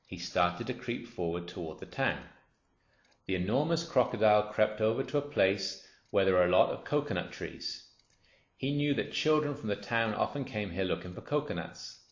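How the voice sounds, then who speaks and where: A man narrating a children's story aloud in a steady, expressive reading voice. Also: on the low side, normal speed. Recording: roomy, dull lo-fi.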